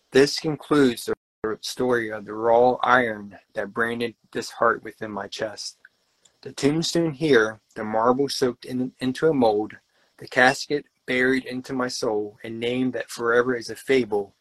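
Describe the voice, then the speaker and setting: A man in his thirties performs a spoken word poem with a heartfelt, deliberate delivery, sometimes stumbling and restarting lines. His voice sits at an ordinary pitch and is recorded dry and close, with no room sound around it. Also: fairly bright tone, no echo, rough recording. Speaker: poet guest. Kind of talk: spoken word poetry recital.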